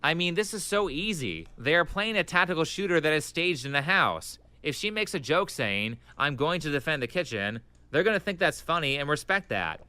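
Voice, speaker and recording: A man reading scripted video narration in an even, read-out manner. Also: a little high, normal speed, few pauses, clear, resonant tone, no echo.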